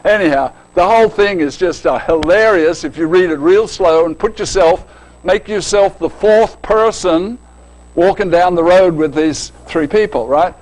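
An older man preaches with a folksy, joking touch, his voice sitting a little high for a man. He keeps asking his listeners to picture things and checks in with a quick question. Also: a little mellow, rough recording. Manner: folksy, joking, often asks "right?". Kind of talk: sermon.

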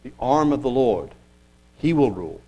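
A man with a husky, breathy voice delivers a sermon. He reads scripture aloud and asks the congregation rhetorical questions, earnest and often dropping to quiet asides. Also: medium pitch, very animated, moderate pace, low-quality recording. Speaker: preacher.

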